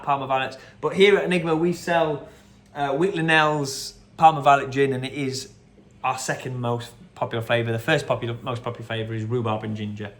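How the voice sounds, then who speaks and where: Slightly high and a bit bright, this man's voice belongs to a quiz host casually working through the answers. He chats and rambles with plenty of fillers, pausing to do quick impressions of quotes.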